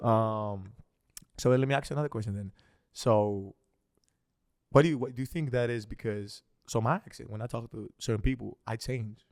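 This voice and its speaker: A man's voice: fairly low pitch, moderate pace, a little mellow, dry recording. Playful Greek-accented man hosting, dry sound. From Greece. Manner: playful, teasing, repeats and restarts words. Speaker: host. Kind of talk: casual interview chat.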